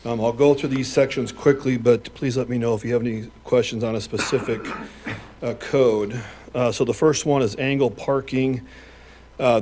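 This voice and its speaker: Hombre, jefe de policía, voz monótona. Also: male voice, mid-range voice, darkish tone, a little hiss or hum. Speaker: police chief. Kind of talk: briefing a city council.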